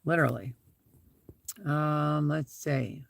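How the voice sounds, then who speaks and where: A man's voice: fairly high pitch, steady tone, slow, gravelly, no echo. A man hosting a casual live stream from inside his SUV, rambling through stories and repeating his thanks while he reads out viewer comments.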